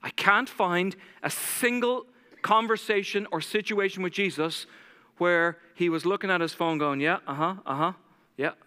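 A man's voice: sits high, steady tone, normal speed, sharp tone, clear, resonant tone, big-room sound. A man preaching a sermon as pastor, telling stories dramatically and acting out the voices of the people in them.

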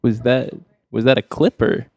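A man co-hosting a podcast throws in short, deadpan quips. His mid-pitched voice has a gravelly edge. The sound is dry and close. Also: normal speed, no echo. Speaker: podcast co-host. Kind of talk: casual chat.

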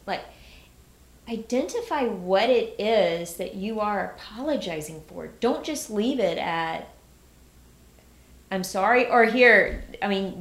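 A woman's voice: medium pitch, animated, unhurried, reverberant. A middle-aged woman co-hosting a casual talk, earnest and emphatic, giving example phrases. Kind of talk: casual conversation.

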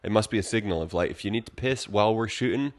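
Very deep-voiced young man, easygoing. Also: fast. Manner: easygoing, agreeable, lots of fillers. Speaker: podcast co-host. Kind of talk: casual chat.

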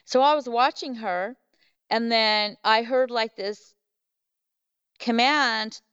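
A woman's voice: fairly high pitch, slow pace, fairly bright tone, clear, resonant tone, no room sound, highs cut off. A middle-aged woman, a podcast guest, telling a story in a rambling way full of fillers and restarts. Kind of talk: casual storytelling.

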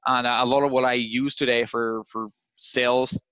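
Animated young male sales coach. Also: mid-range voice, normal speed, no echo. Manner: animated, acts out phone calls in different voices. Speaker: sales trainer. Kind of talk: coaching session on cold calling. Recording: dull, slightly lo-fi dry sound.

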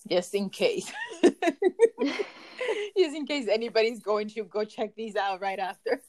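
A woman's voice: mid-range voice, moderate pace, a little mellow. A woman with a foreign accent hosting a casual podcast chat, upbeat and giggly, often trailing off mid-sentence. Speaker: podcast host.

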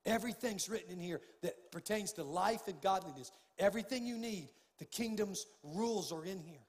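An older man delivers a heated sermon from the pulpit, his voice pitched high for a man. He swings between quiet, intimate stretches and loud, pressing outbursts. The long reverb of a large church sanctuary trails after his words. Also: normal speed. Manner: impassioned, swings from hushed to loud. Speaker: pastor.

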